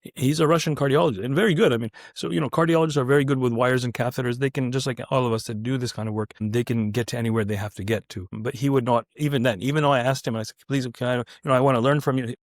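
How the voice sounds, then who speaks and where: A man's voice: medium pitch, fairly even intonation, rapid-fire, dry recording, clean studio sound. A man, a surgeon, telling a story casually and acting out the dialogue with quoted voices, often restarting his sentences. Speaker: neurointerventional surgeon, podcast guest.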